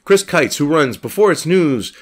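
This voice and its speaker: A man's voice: on the high side, expressive, moderate pace. A man hosting a commentary channel, reading a news article aloud and breaking into profane, scornful rants about it. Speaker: host.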